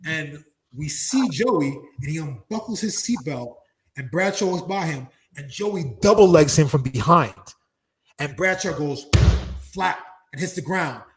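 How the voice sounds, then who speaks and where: High-voiced man telling a rowdy story. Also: expressive, measured pace, rough recording. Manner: swearing, acts out the people in his story with loud shouts and laughs. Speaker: interview guest, former wrestler. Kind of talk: animated storytelling.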